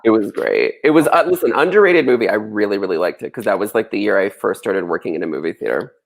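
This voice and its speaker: Young male guest, gravelly edge, lively pitch, jokey casual talk. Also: fast talker. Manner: lively, joking, full of fillers. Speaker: guest author. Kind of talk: casual livestream chat.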